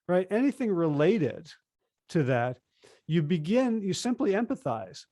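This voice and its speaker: A man's voice: high voice, big pitch swings, measured pace, mellow, no echo, studio quality. A man speaking as an interview guest and author, explaining ideas animatedly and acting out quoted dialogue in a conversational way.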